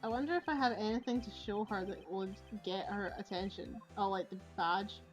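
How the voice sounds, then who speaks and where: A woman's voice: medium pitch, moderate pace. A woman playing a game and chatting casually about it. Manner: chatty, self-aware. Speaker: let's play gamer. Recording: dull lo-fi audio, faint game music.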